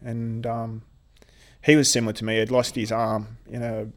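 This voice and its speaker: A man recounts a hard personal story to an interviewer at a middling pitch. He speaks haltingly, stumbling over and repeating words. His language turns blunt when he is annoyed. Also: monotone. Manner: blunt, swears when upset. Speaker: interviewee, veteran athlete.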